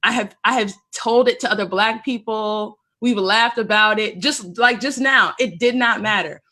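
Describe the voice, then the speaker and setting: A woman podcast co-host chatting casually, telling stories in a lively, animated way. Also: medium pitch, moderate pace. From Maryland, US. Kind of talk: casual conversation.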